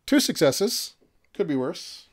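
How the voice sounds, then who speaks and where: A man narrating and refereeing a horror miniatures game, chatty and quick to laugh at his own jokes. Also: a little high, big pitch swings. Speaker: game master.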